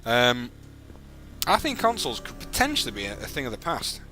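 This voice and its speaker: A man's voice: medium pitch, a little fast, over music. A young man hosting a live game stream, chatting and joking with a co-host and viewers. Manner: chatty, jokey, lively delivery. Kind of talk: live gameplay chat.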